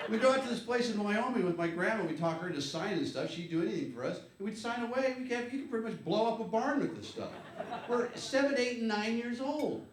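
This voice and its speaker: Animated fifty-something comedian in echoey club. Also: male voice, sits high. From USA. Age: 50s. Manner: rambling, wry storytelling with shouted punchlines. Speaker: stand-up comedian. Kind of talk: stand-up comedy set. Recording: echoey live club, clear background noise.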